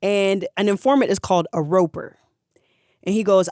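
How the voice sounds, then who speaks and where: A podcast storyteller retelling history for laughs, animated, slangy and profane. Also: mid-range voice, moderate pace, dry recording, clean studio sound.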